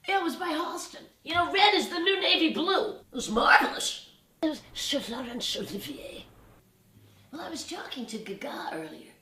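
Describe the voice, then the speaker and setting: A woman's voice: high voice, animated, normal speed, bright, forceful tone, distant mic, voice pushed up. A woman impersonating a haughty, name-dropping aging female showbiz diva in a comedy video. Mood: grandiose. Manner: haughty, breathy stresses on certain words. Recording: roomy, off-mic with faint music.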